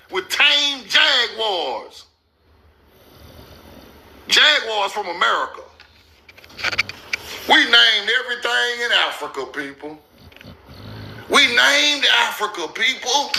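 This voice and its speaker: A man hosting a casual commentary over maps, loud and incredulous, laughing and swearing, stretching out words slowly for emphasis. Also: very high voice. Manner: slow, drawn-out emphasis on names. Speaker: host.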